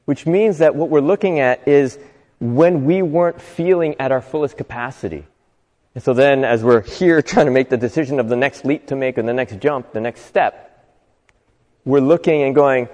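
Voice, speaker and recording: In a large hall, a motivational speaker with a mid-range, slightly mellow voice gives an inspirational talk to a live audience at normal speed. He keeps it conversational and often poses rhetorical questions to his listeners.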